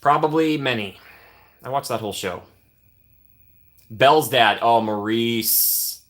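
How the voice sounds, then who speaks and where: A man's voice: mid-range voice, a little slow, fairly bright tone. A young man casually chatting on a live stream, reading and answering viewer comments with playful teasing.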